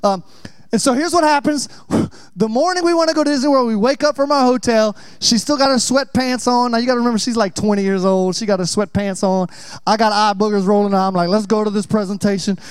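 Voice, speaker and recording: A man's voice: sits high, fast, smooth, no room sound. A young adult man preaching a sermon, chatty and joking as he tells stories. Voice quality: chatty, joking, animated storyteller. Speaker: pastor.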